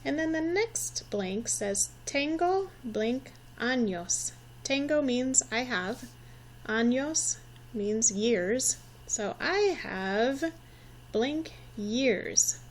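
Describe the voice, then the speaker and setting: A woman's voice: fairly high pitch, expressive, extremely slow, slight background noise. A woman in her forties, teaching young children and speaking patiently, repeating each word so they can say it along with her. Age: 40s. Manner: encouraging, repeats words for children to echo. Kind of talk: slow, patient classroom instruction.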